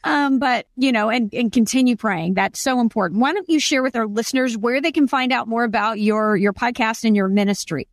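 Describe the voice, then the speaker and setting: A woman's voice: fairly high pitch, brisk, few pauses, no echo, studio quality. A middle-aged woman hosting a Christian podcast, talking earnestly and affirming her guest often. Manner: earnest, affirming, frequent mm-hmms. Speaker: podcast host. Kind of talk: casual Christian podcast interview.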